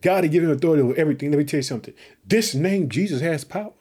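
A man's voice: fairly high pitch, racing, a little mellow, husky. A man from Chicago preaching fervently on his podcast, calling out to his listeners again and again. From Chicago, Illinois. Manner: fervent, repetitive call-outs to listeners. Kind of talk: sermon.

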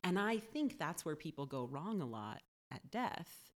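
Low-voiced woman thinking aloud. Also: big pitch swings, unhurried. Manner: thoughtful, keeps checking in with "right?". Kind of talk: conversational podcast chat.

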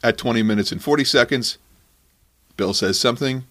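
A man's voice: medium pitch, a little fast, a bit bright. A man hosting a comedic podcast, talking in a sarcastic, mocking way. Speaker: podcast host.

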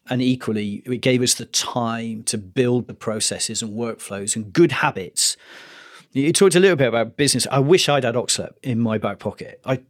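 A man, a photographer guest on a podcast, telling stories in a dramatic, animated way. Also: medium pitch, moderate pace, no echo, studio quality. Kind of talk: podcast interview storytelling.

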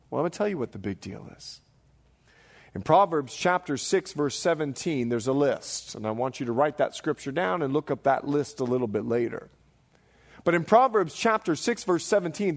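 A man in his forties, a pastor preaching a sermon to a congregation with animated storytelling, acting out the voices he quotes. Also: high voice. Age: 40s. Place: church hall before a live congregation.

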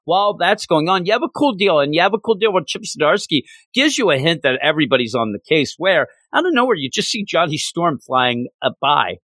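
A man with a slightly higher voice walks through a comic issue in a loose, rambling way, full of "you know" and "like." The sound is close and dry, with no room around it. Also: big pitch swings, brisk, few pauses, a bit bright, dry recording. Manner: rambling, chatty retelling with fillers. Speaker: comic book reviewer. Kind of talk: casual spoken review.

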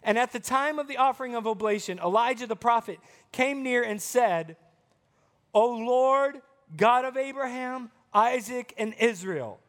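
Very high-voiced man teaching children. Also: measured pace, a bit bright. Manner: asks the children questions and retells verses in playful everyday words. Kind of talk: children's Bible lesson, reading scripture aloud.

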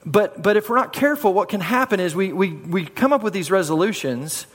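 A man's voice: high-pitched, animated, a little fast, fairly bright tone. A man preaching a sermon in a conversational way, often repeating words and calling on the congregation to answer back. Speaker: pastor. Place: church sanctuary. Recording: hall reverb.

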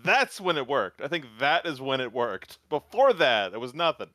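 A man co-hosting a casual chat, excited and laughing as he jumps in with quick remarks. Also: mid-range voice, no echo. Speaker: podcast co-host reacting to an anime episode.

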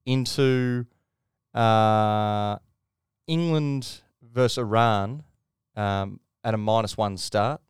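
Deep-voiced Australian bloke telling a yarn. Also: male voice, extremely slow, smooth, no echo, studio quality. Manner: laughing storyteller, swearing, acting out people he quotes. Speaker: podcast co-host. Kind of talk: casual chat.

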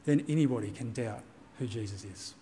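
A man's voice: mid-range voice, a little fast, warm tone, a little hiss or hum. Earnest man preaching in a reverberant hall. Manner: earnest, reassuring preaching with emphatic repetition. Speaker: pastor. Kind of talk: sermon. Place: church.

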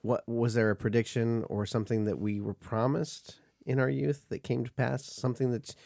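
A man's voice: mid-range voice, level tone, moderate pace, creaky, a little mellow, no room sound, clean studio sound. A man chatting casually on a podcast, asking the group curious questions. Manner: inquisitive, asks the group questions. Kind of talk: casual chat.

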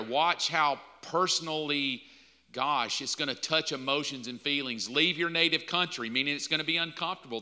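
A man's voice: on the high side, sharp tone. A man preaching a sermon as pastor in a conversational style, acting out bits of dialogue. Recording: long hall reverb.

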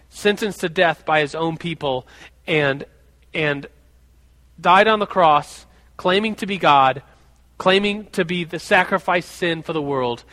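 In a sermon recorded with long hall reverb, a preacher with a voice on the high side recounts a personal story. He animates it vividly, giving voice to each person involved.

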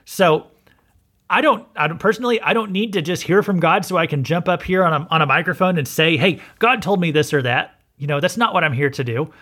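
A man delivers a relaxed, sermon-style Bible lesson, his voice sitting a little high. He talks to listeners directly and often stops to check they are following. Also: fast talker. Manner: conversational, frequent "okay?" check-ins. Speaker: pastor and podcast host.

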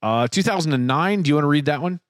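A man who is a parent, co-hosting a casual movie chat podcast, animated as he reads out release years. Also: a little high, very fast, no room sound, clean studio sound. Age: adult parent. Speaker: podcast co-host.

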